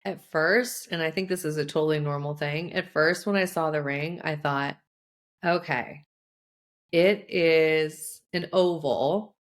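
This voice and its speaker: A young adult woman host telling a personal story in a chatty, animated way, full of casual fillers. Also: low-pitched, moderate pace, few pauses. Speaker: podcast host and coach.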